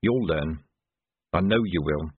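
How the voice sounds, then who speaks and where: A tired, shrewd watch commander read by a male narrator, giving dry, clipped orders in a husky voice. The sound is thin and phone-like with no room echo. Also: a bass voice, takes it slowly, voice pushed down, heavily acted. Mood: reflective. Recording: tinny phone-like band.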